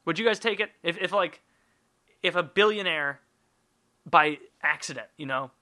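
A man's voice: fairly high pitch, normal speed, sharp tone. A man hosting a podcast alone, rambling in a jokey, profane way. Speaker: podcast host. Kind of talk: casual solo monologue.

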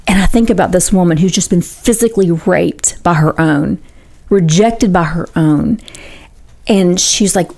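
Gravelly low-voiced woman radio host. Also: normal speed, a little mellow. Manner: earnest, retelling a story with many fillers and restarts. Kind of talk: radio talk show storytelling.

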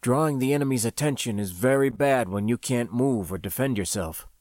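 A man reading a novel aloud, voicing a matter-of-fact male guard who calmly explains procedure. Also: medium pitch, a little fast, no room sound, studio quality, close to an everyday voice. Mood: explaining.

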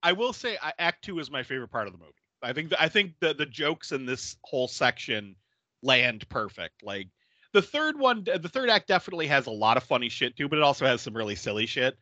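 Animated laughing man recapping a movie. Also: medium pitch, fairly quick, no room sound, muffled recording. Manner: animated, laughs often, acts out characters' lines. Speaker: podcast host recapping a film. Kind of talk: casual movie recap chat.

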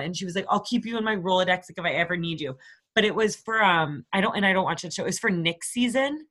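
A woman in her twenties, co-hosting a podcast, telling stories in a casual, profane, animated way. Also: lowish voice, fast. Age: 20s. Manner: profane, animated storytelling with quoted voices. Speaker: podcast co-host. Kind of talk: casual storytelling chat.

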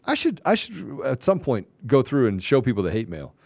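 A man hosting a casual political talk show, speaking heatedly and with heavy emphasis. His voice sits in a middle pitch. The recording is dry and close. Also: sing-song, quick pace, hardly any pauses, darkish tone, no echo. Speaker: show host.

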